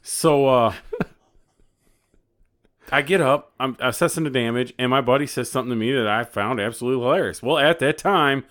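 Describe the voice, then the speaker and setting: A man co-hosting a podcast, telling a story in a casual, animated way with lots of laughter. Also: medium pitch, brisk. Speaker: podcast co-host.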